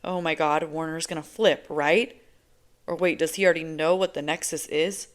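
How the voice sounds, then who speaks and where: A woman reading a novel aloud in first person, with a measured, conversational delivery. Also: deep voice, fairly even intonation. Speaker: audiobook reader.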